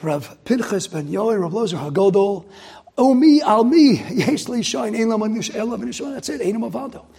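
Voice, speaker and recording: A man, a rabbi, giving a sermon, swinging from loud outrage to hushed emphasis. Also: high-pitched, expressive, normal speed, creaky.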